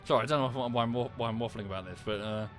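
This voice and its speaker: A man's voice: medium pitch, fast. A British man streaming a game, talking casually while he plays and rambling with lots of swearing and restarts. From United Kingdom. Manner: rambling, sweary, self-interrupting. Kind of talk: casual gameplay commentary and chat. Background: music.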